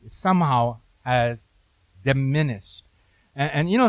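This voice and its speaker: A man's voice: medium pitch, very animated, unhurried, no echo, poor audio. A male pastor preaching a sermon in a conversational way, with frequent asides to the congregation.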